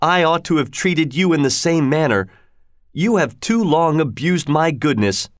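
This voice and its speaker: A man's voice: fairly high pitch, animated, measured pace, dry recording, studio quality, voice pushed up. A man voicing a proud young king who speaks in a stern, formal way.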